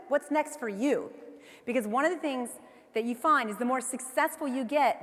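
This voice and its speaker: A woman in her forties giving a motivational keynote speech, telling a personal story with animated delivery and acting out her own inner voice. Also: a little high. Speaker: keynote speaker. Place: large convention hall. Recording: long hall reverb from the PA.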